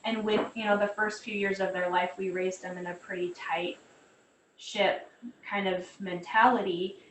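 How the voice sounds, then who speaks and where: A woman's voice: medium pitch, moderate pace. A middle-aged woman and mother, chatting casually in a group conversation over a video call and telling stories animatedly. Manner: chatty, animated storytelling with many fillers. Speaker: mother sharing parenting experience. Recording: roomy, distant mic with faint noise.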